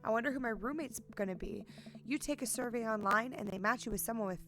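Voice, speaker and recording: A woman's voice: fairly high pitch, fast, a bit bright. Eager teen daughter, read by a woman gamer, bubbly and chatty. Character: cheerful teenage girl, excited about college. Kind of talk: reading game dialogue aloud.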